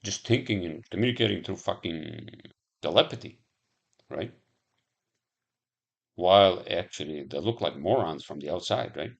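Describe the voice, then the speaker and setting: Deep gravelly man musing aloud. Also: lively intonation, moderate pace, pauses often. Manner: profane, musing aloud with frequent fillers. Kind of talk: casual rambling monologue.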